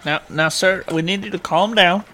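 A man's voice: sits high, normal speed, pushed and bright. A man player in a tabletop role-play, joking and placating in character.

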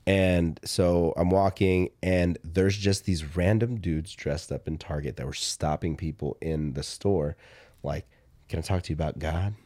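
A man co-hosting a podcast, telling a story in casual chat, animated, acting out dialogue with lots of fillers. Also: sits low, a little slow, no echo. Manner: animated, acts out quoted dialogue, frequent fillers. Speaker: podcast co-host.

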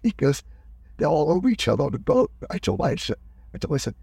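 An older man tells family stories in a relaxed, meandering way. He stops to restart sentences as he goes. His voice is gravelly and husky, recorded close with no room sound. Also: fairly high pitch, fairly quick, dry recording. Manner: rambling, self-correcting anecdotes. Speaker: guest. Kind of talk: relaxed storytelling in conversation.

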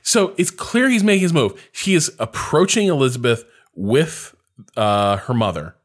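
A man's voice: medium pitch, animated, moderate pace. A man co-hosting a casual podcast, analyzing the story with enthusiasm and frequent fillers. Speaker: podcast co-host. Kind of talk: casual chat analyzing a period drama.

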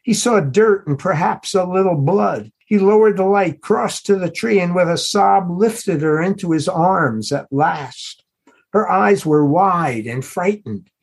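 A man, the author, reading aloud from his novel in a measured, unhurried storytelling manner. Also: sits high, lively intonation, gravelly, husky. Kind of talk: literary reading.

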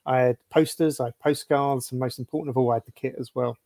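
Scottish man, podcast guest, relaxed storyteller, dry close sound. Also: medium pitch, fast talker, no echo. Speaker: football writer, guest. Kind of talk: casual podcast chat.

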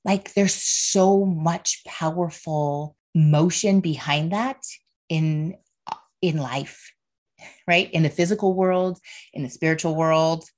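A woman's voice: deep voice, steady tone, slow, a little mellow. A woman in her thirties hosting a casual solo podcast, earnest and heartfelt, speaking openly about faith and feelings and often checking in with "right?" and "okay". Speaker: podcast host.

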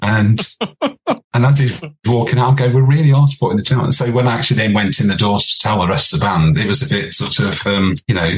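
Deep-voiced older man telling stories. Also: brisk, low-quality recording. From England. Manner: animated anecdotes with laughter and restarts. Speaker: podcast guest, former band leader. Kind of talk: storytelling interview.

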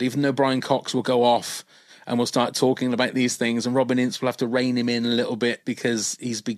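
A man co-hosting a podcast, chatting casually at a middle pitch. He rambles enthusiastically, full of fillers and restarts. The sound is dry and close, with no room echo. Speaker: podcast co-host. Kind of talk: casual chat.

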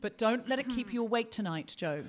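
Bright-voiced woman hosting a live comedy show. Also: fairly high pitch, fairly quick. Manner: animated storytelling, acting out the people in her stories. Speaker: podcast co-host. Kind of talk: live comedy podcast chat before an audience. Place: theatre stage.

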